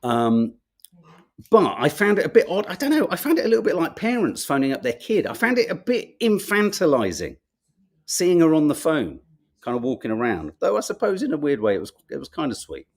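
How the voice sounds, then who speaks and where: A man's voice: on the high side, wildly swooping pitch, brisk, husky. A man hosting a podcast, reviewing the papers in a chatty, wry, sarcastic way and musing aloud as he goes. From Britain. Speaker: podcast host. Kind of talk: casual newspaper review chat.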